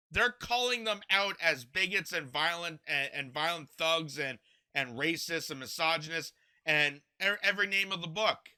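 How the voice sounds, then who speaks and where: A man's voice: high-pitched, bright, forceful tone. A young man hosting political commentary, ranting in an impassioned, indignant way and often repeating himself. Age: young adult.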